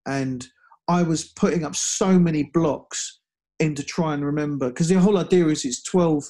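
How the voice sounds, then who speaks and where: A man telling a personal story in casual conversation, halting with frequent restarts and fillers. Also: on the high side, mellow. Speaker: guest speaker.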